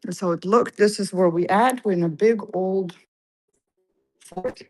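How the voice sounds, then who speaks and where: Holding her phone as the mic, a livestream host gives a casual tour of a museum inside an old fort, slightly breathless. Her mid-range, darkish voice moves at a measured pace as she reads exhibit cards aloud and talks to viewers between displays. The recording is low quality.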